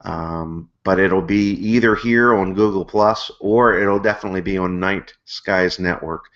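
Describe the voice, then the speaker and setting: Low-voiced man rambling on a stream. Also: steady tone, unhurried, fairly bright tone. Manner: rambling, hesitant, many fillers and restarts. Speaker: host of an amateur astronomy hangout. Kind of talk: casual live-stream talk. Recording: muffled lo-fi web stream.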